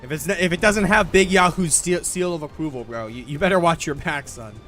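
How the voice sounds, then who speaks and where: A man's voice: fairly high pitch, brisk, a bit bright, soft background music. A young man streaming a game, rambling casually with lots of swearing, restarts and "bro". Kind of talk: casual gameplay commentary.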